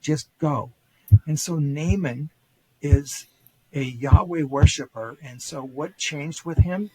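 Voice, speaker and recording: A man's voice: a little high, slow, dark tone, husky, dry recording, rough recording. An older man, a historian guest on a podcast, retelling ancient stories casually with quoted voices and many fillers and restarts. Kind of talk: casual storytelling lecture.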